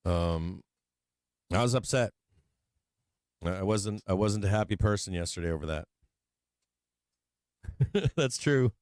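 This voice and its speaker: Tipsy guy on a trading stream, swears nonstop, laughs a lot, smooth clean voice, dead dry sound. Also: lowish voice, expressive, measured pace, long pauses, darkish tone, no room sound. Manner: profane, rambling, laughing often. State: tipsy from drinking. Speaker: livestream market show host. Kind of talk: casual livestream chat.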